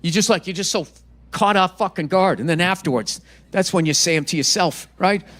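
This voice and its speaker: High, bright-voiced ranting comedian man. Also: fairly quick. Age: 50s. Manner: profane, exasperated ranting. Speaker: stand-up comedian. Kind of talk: stand-up comedy routine.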